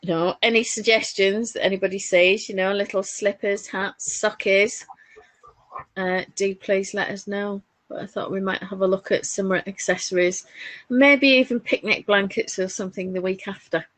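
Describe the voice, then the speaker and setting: A woman's voice: mid-range voice, steady tone, normal speed, dry recording. A woman with a Northern English accent, co-hosting a casual crafting chat and telling family stories. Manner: chatty, warm anecdotes with frequent laughs. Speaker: podcast co-host.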